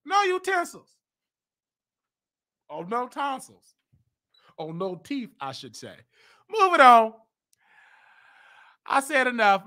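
Animated man hosting a commentary show. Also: very high-pitched, takes it slowly, long pauses. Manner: animated, rising to emphatic outbursts. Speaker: show host.

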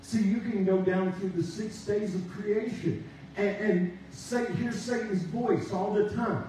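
A man preaching a sermon, drawing out his emphasis and pausing for responses from the congregation. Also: high voice, warm tone, a little hiss or hum. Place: church sanctuary. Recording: echoey church from a distance.

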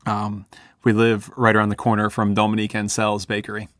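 A man's voice: lowish voice, completely flat delivery, a little fast, fairly bright tone, no echo, studio quality. A man from Pensacola, a chef being interviewed, talking in a friendly way with frequent restarts. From Pensacola, Florida. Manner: friendly, hesitant with many restarts. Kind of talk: conversational interview.

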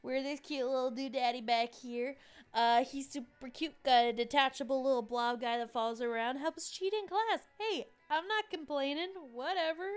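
A woman's voice: sits high, fairly even intonation, normal speed, clean tone. A young woman hosting a casual let's play, chatty and giggly. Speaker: gaming channel host.

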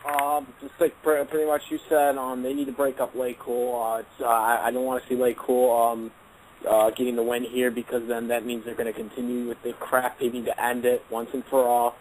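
A man's voice: mid-range voice, flat delivery, a little fast, a little mellow, slight background noise, rough recording. A man talking as a panelist on a talk show, blunt and repetitive with many ums. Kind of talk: casual chat.

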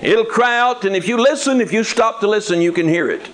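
A man's voice: sits high, fairly quick, fairly bright tone, rough recording. A man preaching a sermon in a folksy, conversational way with touches of humor.

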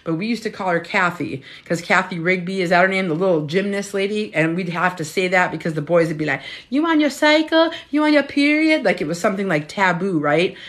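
A woman's voice: on the low side, steady tone, quick pace, few pauses, a bit bright. A woman in her fifties, a menopause health coach, chatting casually and frankly on a phone at home, swearing freely. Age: 50s. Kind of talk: casual live-stream chat.

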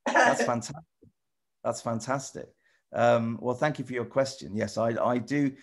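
A middle-aged man chatting casually with children over a video call, rambling and halting with lots of restarts. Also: medium pitch, steady tone. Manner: rambling, halting, full of restarts and "you know". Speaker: celebrity guest answering children's questions. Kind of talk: casual friendly chat with children.

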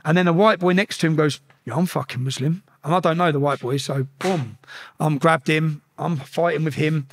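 A man telling a story as a podcast guest, animated and profane, acting out the shouted exchanges. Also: a little high, normal speed.

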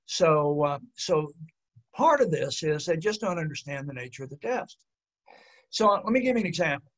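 A man who works as a pilot examiner, giving a webinar presentation in a measured, explanatory way with frequent fillers. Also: a little high, big pitch swings, a bit bright.

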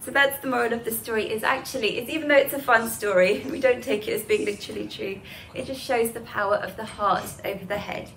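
A woman's voice: fairly high pitch, fast, gravelly, a bit bright, a little hiss or hum. A woman giving a talk on Hinduism to students, explaining ideas in a conversational way and telling stories with casual asides. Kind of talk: spoken moral lesson with storytelling.

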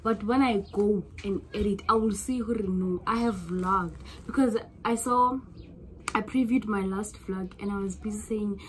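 A young South African vlogger with a South African accent chats casually with her audience, gushing expressively and swinging between soft musing and loud excitement. She drawls her words out slowly in a mid-range voice, with a little hiss or hum on the recording.

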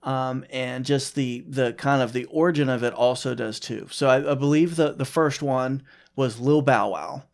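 A man's voice: mid-range voice, normal speed. A man co-hosting a podcast in casual chat, with dry, wry asides. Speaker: podcast co-host.

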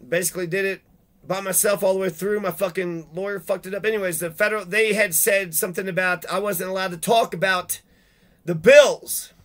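A man with a high, bright, cutting voice rants on and on, swearing constantly and bursting into loud, heated outbursts. He sounds indignant and fired up the whole way through. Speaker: video blogger reading legal rules. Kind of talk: profane ranting monologue.

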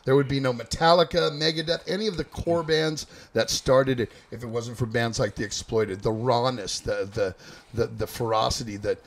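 A man's voice: mid-range voice, normal speed. A middle-aged man hosting an interview, speaking eagerly and often stumbling over his words. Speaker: host, thrash metal musician.

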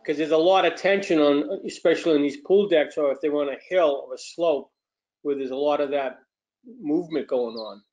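A man's voice: on the high side, brisk, a little mellow, highs cut off. A man with a Boston accent who asks chatty questions and calls himself old school. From Dorchester, Boston. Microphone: video call.

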